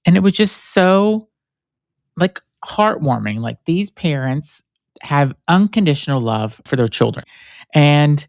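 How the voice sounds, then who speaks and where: A man talks alone as host of his own podcast, circling through stories in a loose, rambling way and leaning on "like" as he goes. His voice sits at an ordinary pitch, with a clean, smooth tone. The sound is close and dry. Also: dry recording. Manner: rambling storyteller, frequent "like" fillers. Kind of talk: solo conversational podcast talk.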